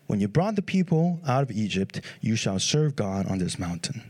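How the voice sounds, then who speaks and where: Brief: a grave, commanding God, deep and measured in delivery, as a preacher puts him on. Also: male voice, sing-song, a little mellow. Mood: solemn. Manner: slow, grave pronouncements. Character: solemn, commanding male God.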